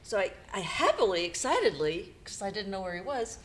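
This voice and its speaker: A middle-aged woman co-hosting a podcast, retelling a painful personal story in a halting, emotional way with nervous laughs. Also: mid-range voice, big pitch swings. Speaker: podcast co-host.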